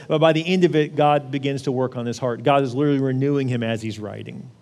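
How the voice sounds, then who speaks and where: A male pastor preaching a conversational sermon, often acting out prayers in a lively voice. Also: mid-range voice, quick pace, hardly any pauses. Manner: conversational, acts out prayers in an animated voice. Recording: long reverb of a large hall.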